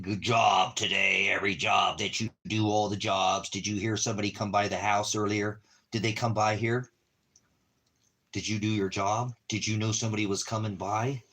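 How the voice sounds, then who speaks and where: A man talking softly to his dog in doting, repetitive baby talk, now and then addressing his viewers. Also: lowish voice. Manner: soft, doting baby talk with repeated phrases. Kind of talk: casual talk to a pet.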